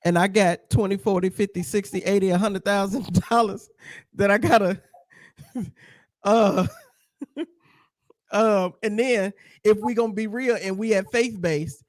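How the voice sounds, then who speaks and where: A man's voice: high-pitched, steady tone, measured pace, pauses often, no room sound, studio quality. A man co-hosting a faith talk show, speaking in a folksy, chuckling way and addressing the listeners directly.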